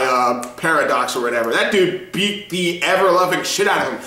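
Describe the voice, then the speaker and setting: Excitable, foul-mouthed man in an echoey room. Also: sits high. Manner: excitable, profane, laughing often. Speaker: show reviewer. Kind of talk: casual reaction review.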